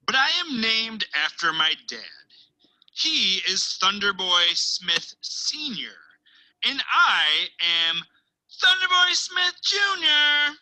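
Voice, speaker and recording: Female teacher, picture-book read-aloud, unhurried and expressive, hushed asides. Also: medium pitch, low-quality recording. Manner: expressive storytelling with dramatic pauses and hushed asides.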